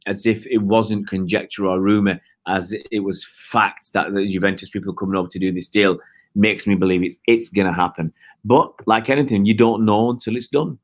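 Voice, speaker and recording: A middle-aged man from Oldham, hosting a live football fan stream, rambling and reading out viewer comments. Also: on the low side. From Oldham, England. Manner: rambling, reads out viewer comments, many restarts. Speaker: fan channel host. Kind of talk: live stream chat with fans.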